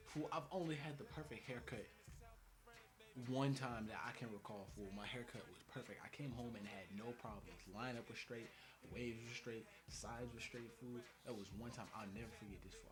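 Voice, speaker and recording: Young man, comic storyteller, slangy and animated, jumps high in pitch for quotes. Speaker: vlogger storyteller.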